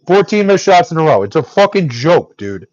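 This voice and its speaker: A man's voice: a little high, big pitch swings, a little fast, a little mellow, dry recording, highs cut off. A young man angrily ranting on a live stream, swearing nonstop and exasperated. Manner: angry, profane ranting.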